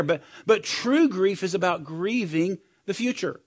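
Earnest, conversational middle-aged preacher. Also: male voice, sits high, expressive, a little fast, few pauses, husky. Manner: conversational, personal storytelling, swings between loud and soft. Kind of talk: sermon.

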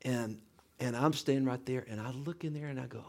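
A man telling a personal story in an earnest, halting way, with many restarts, moving between hushed moments and animated ones. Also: medium pitch, gravelly. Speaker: speaker sharing a personal story. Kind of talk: heartfelt spoken storytelling.

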